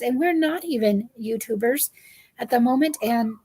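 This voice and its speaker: Woman guest, earnest and emotional, mellow tone, talks as a protective mom. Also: fairly high pitch, normal speed, husky. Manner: earnest, emotional, repeats herself. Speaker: guest parent. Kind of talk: heartfelt live-stream chat.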